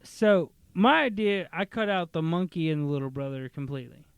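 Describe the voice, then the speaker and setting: Podcast host, male, casual rambling storyteller who slips into character voices; voice sits a little high and sounds smooth and clear. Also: lively intonation, no room sound. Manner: rambling, acts out characters in quick bursts. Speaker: podcast host pitching movie ideas.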